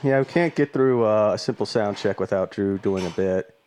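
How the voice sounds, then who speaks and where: A man's voice: fairly low pitch, darkish tone, a little hiss or hum. Joking male podcast co-host. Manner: joking, quick to laugh. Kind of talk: casual chat.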